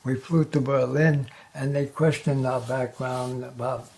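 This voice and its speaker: Nonagenarian man, joke-telling guest, mellow warm timbre, wisecracking delivery. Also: medium pitch, steady tone, a little slow, vocal fry, slight background noise. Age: 90s. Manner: wisecracking, chuckles at his own punchlines. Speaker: interview guest. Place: local TV studio.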